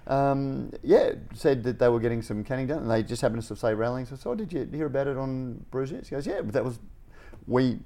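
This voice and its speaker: A man's voice: mid-range voice, fairly quick, gravelly, dark tone. A man, co-hosting a podcast in a chatty, rambling way and laughing often. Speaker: podcast co-host. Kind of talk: casual podcast chat.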